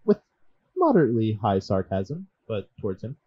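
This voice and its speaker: A man's voice: fairly low pitch, wildly swooping pitch, moderate pace, breathy edge, highs cut off. A man playing in a tabletop game, talking hesitantly about what his character does. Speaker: player.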